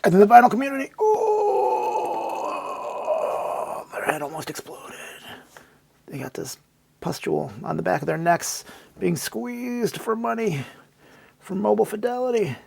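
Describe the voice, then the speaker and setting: A man's voice: high voice, expressive, moderate pace, creaky, a little mellow, husky. A man narrating a comedic, mock-dramatic retelling with sarcastic storytelling.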